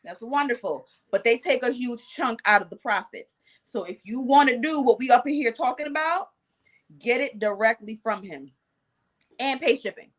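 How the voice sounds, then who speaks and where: A woman hosting an interview, chatting casually with lively asides. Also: fairly high pitch, moderate pace. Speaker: host.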